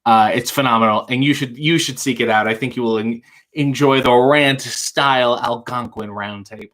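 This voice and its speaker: A man's voice: medium pitch, fairly even intonation, moderate pace, a bit bright. Wry man hosting a late-night livestream. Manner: dry, wry quips answering viewer questions. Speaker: livestream talk show host reading viewer chat.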